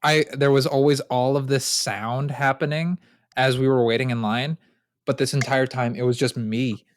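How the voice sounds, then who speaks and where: A young man and podcast co-host telling stories in casual chat, animated, swearing freely and laughing often. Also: medium pitch, moderate pace.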